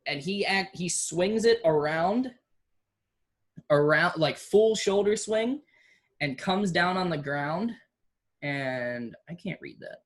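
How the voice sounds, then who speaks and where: A game master narrating a tabletop game, unhurried, with many ums and restarts. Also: medium pitch.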